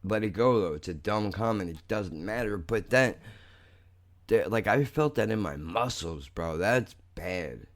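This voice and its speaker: A young man hosting a podcast, talking in a blunt, profane, rambling way that turns angry fast. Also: lowish voice, lively intonation. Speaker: podcast host. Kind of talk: casual monologue.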